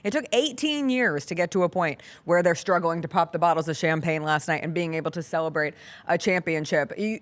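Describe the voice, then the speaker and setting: A woman hosting a sports talk show, chatting energetically with a co-host. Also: on the low side.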